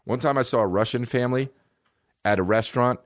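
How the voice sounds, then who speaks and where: Speaking fairly quickly at a medium pitch, a man in his thirties hosts a comedy podcast full of casual, profane ranting and mocking imitations of people. The audio is clean studio sound with no echo.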